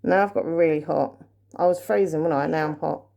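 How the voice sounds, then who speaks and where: A woman vlogging a paranormal session at home, talking quietly and nervously as she calls out questions to spirits. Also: deep voice, steady tone, brisk, vocal fry. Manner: hushed, nervous, asking questions into the dark. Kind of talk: ghost-hunting session vlog.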